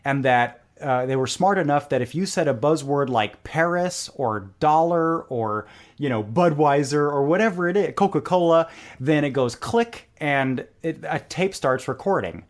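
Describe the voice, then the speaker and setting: A man as a podcast guest, telling stories in a relaxed conversational way and acting out quoted lines. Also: fairly high pitch, moderate pace, few pauses. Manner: animated, acts out quoted lines in a joke. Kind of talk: conversational storytelling.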